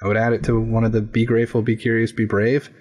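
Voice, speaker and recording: Husky, reflective male coach. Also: on the low side, level tone, quick pace, darkish tone. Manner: reflective, searching for words with many restarts and "like". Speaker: coach and podcast guest. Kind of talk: casual podcast conversation.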